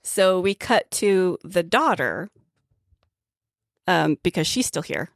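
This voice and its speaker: A woman co-hosting a podcast, chatting casually about a film and often pausing with "um" and "like". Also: lowish voice, lively intonation, vocal fry, no echo, clean studio sound. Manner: chatty, hesitant with "um" and "like". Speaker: podcast co-host. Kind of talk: casual chat recapping a film.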